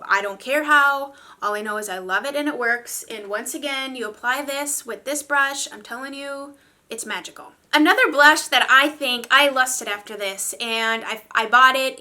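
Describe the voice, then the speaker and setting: A woman's voice: on the high side, pushed and bright. A young woman reviewing makeup in a chatty, gushing way, full of fillers. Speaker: beauty vlogger. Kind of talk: casual product review.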